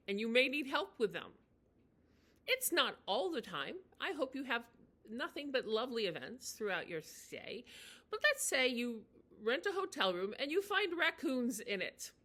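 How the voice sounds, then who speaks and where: A woman teaching in a chatty, unscripted way, with many fillers and restarts, slowing down to model phrases. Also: sits high, sharp tone. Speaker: language teacher. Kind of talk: casual spoken lesson.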